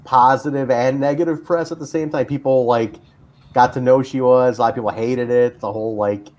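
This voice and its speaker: A man's voice: medium pitch, steady tone, fairly quick, a little mellow. A man hosting a casual chat show, rambling with lots of fillers and restarts. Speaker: podcast host.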